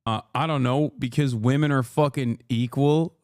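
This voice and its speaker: A man's voice: mid-range voice, steady tone, normal speed, a little mellow, clear, resonant tone, dry recording, studio quality. Profane, combative male streamer. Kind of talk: livestream reaction commentary.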